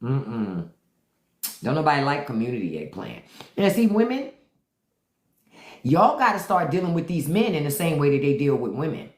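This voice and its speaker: Middle-aged woman host, lively swooping delivery, low voice, blunt and profane, in an echoey room. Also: moderate pace, pauses often. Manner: blunt, profane, animated storytelling. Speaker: host of a live stream. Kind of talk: casual live-stream chat with viewers.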